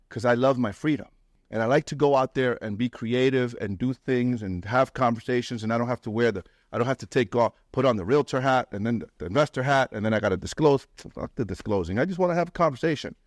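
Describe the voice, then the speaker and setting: A man's voice: medium pitch, dry recording, clean studio sound. A man speaking as a real estate investor and mentor to a live meetup audience, blunt and swearing, acting out other people's lines in a raised voice. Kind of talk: animated talk to a live audience. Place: meetup room.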